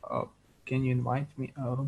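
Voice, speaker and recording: A man with a Slavic accent on a video call, speaking in a hesitant, halting, apologetic way. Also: medium pitch, big pitch swings, gravelly, a little mellow, slightly rough, highs cut off. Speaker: working group organizer. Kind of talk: casual video call chat.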